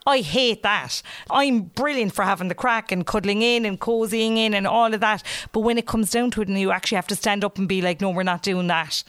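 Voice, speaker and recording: A woman's voice: mid-range voice, brisk, few pauses, fairly bright tone, no echo. Irish woman in her thirties, podcast co-host, jokey and chatty, dry recording. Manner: chatty, jokey, laughs often. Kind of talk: casual chat.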